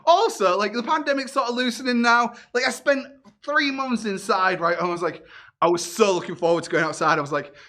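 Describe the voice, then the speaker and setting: A man's voice: high voice, a little fast, pushed and bright. A man, doing a self-deprecating stand-up comedy set with punchy delivery. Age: 30s.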